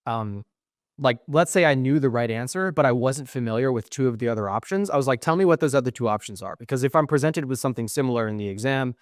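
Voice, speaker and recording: A young man co-hosts a podcast and tells a long, rambling personal story. He swears freely and acts out both sides of the conversation. His voice sits at an average pitch, and the recording is dry and close. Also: fast talker, no echo. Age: young adult. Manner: animated, profane, acts out quoted exchanges. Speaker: podcast co-host. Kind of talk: casual storytelling.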